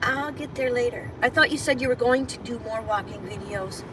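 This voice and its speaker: A woman's voice: fairly high pitch, brisk. A woman gig driver chatting casually with her live viewers while she drives, rambling from one thought to the next. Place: in a car on the road. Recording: distant phone mic with loud road noise.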